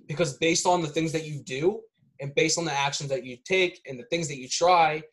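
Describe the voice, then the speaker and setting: A man's voice: fairly high pitch, low-quality recording. A man explaining ideas in a casual podcast chat, rambling and circling back with lots of fillers. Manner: rambling, repeats himself, many fillers like "like" and "right?".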